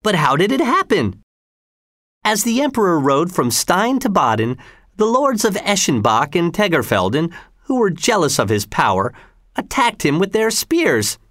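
A man reading the lines of an excited male village priest bringing news in a storybook reading. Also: sits high, normal speed, no room sound, studio quality, voice pushed up. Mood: urgent.

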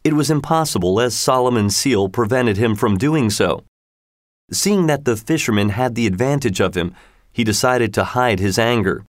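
A man narrating a folk tale aloud in a measured, even reading. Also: mid-range voice, no echo, studio quality. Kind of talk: storybook narration.

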